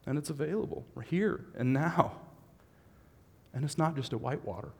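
A man's voice: a little high, moderate pace, creaky, big-room sound. A man preaching a sermon as a pastor, moving from easygoing asides to fervent, rising exhortation. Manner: builds from conversational to impassioned shouting.

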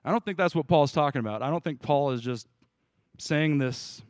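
A man's voice: medium pitch, brisk, darkish tone, no room sound. Casual preacher man quizzing his group. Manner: casual, conversational, asks the group questions, restarts. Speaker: pastor. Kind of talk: informal sermon with questions to the group.

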